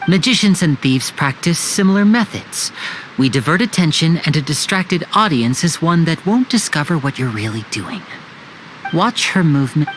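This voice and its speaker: An actor playing a smooth, confident young male stage magician in a game, suave and teasing. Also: fairly high pitch, animated, normal speed, a little hiss or hum. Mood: hushed. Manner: suave, teasing, hushed when plotting. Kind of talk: game voice acting. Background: game music.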